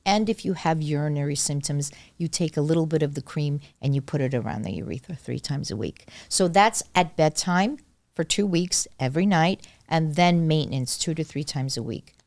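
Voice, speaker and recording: A woman's voice: sits low, lively intonation, normal speed, darkish tone, no echo. A middle-aged woman doctor explaining treatment in a casual conversation, emphatic and repeating her key points. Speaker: gynecologist guest.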